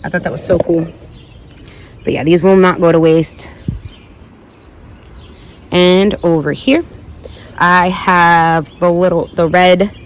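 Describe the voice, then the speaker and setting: Slow-talking woman touring her backyard garden. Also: fairly low pitch, steady tone, a little hiss or hum. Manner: chatty and rambling, thinks aloud, self-corrects. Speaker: gardening vlogger. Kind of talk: casual garden tour vlog.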